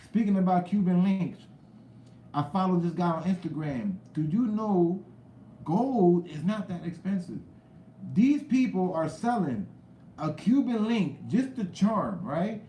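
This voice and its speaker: A young man hosting a live stream, chatting loosely with viewers in slang, shouting out names from the chat. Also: on the high side, lively intonation, normal speed, echoey room, a little hiss or hum, poor audio. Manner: loose, rambling talk with slang and cursing, greets chat viewers loudly.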